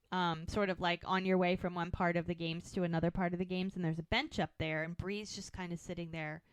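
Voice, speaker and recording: Her voice sits on the low side and sounds smooth, with no echo in the recording. As a podcast co-host, she breezily goes over an episode, animatedly performing the characters' lines as quick quotes.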